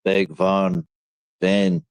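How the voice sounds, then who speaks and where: A man hosting a livestream, reacting excitedly to fights as they happen and reading chat in a slangy, casual way. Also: low-pitched, very slow, clean tone, no echo. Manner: excitable, slangy, talks to chat as dude and bro. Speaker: livestream host.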